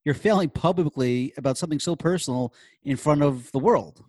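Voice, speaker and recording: Fast-talking, eager podcast host, man. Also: on the high side, a little mellow, dry recording. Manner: eager, chatty, quick to chime in. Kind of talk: casual interview chat.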